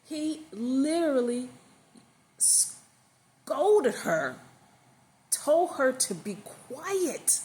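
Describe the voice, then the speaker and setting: A woman's voice: high-pitched, expressive, extremely slow, pauses often, a little mellow. Woman casually telling a story. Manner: unscripted, with fillers and emphatic stress.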